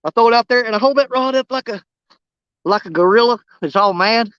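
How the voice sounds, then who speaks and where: A man, chatting casually and excitably in a fishing vlog, folksy and joking. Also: very high-pitched, a little fast, smooth, no echo, muffled recording. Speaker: fishing vlogger. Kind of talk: casual outdoor vlog chat.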